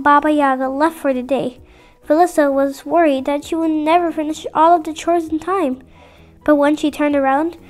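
A woman narrating a fairy tale as a bedtime storyteller for children, clear and expressive. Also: high-pitched.

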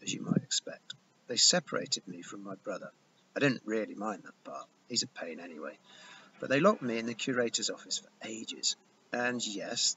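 A man's voice: lowish voice, exaggerated voice. A man doing a sarcastic British girl narrator. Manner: sardonic, mocking asides. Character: sharp-tongued British girl, about twelve, sarcastic narrator. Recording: dull lo-fi recording with loud noise.

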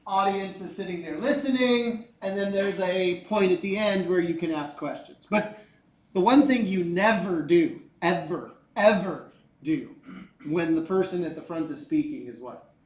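A male teacher lecturing a class in a lively, joking way, often asking the students questions. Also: high voice, normal speed. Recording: echoey classroom.

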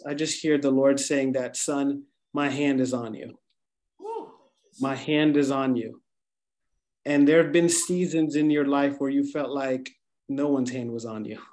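A man's voice: medium pitch, a little mellow. A man giving fervent prophetic words at a church service, repeating phrases and building in intensity. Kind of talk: prophetic ministry over a congregation.

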